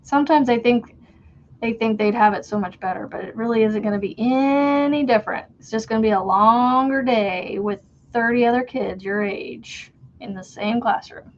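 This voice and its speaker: A woman's voice: fairly high pitch, normal speed. A woman hosting a crochet livestream, chatting and rambling casually as she works and laughing at her own stories. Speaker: crochet livestream host and homeschool mom. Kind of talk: casual chat while crocheting. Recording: dull lo-fi stream audio.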